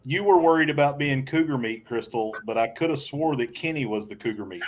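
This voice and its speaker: A man chatting in a relaxed way as a guest on a casual livestream, heard over a video call. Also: mid-range voice, brisk, a little hiss or hum.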